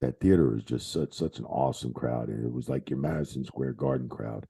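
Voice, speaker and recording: Low raspy gravelly guy, middle-aged, swears a lot and laughs through his old war stories. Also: brisk. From New Jersey area. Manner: animated, swearing, laughing, retelling backstage anecdotes. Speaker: former wrestling referee, guest. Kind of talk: casual interview storytelling.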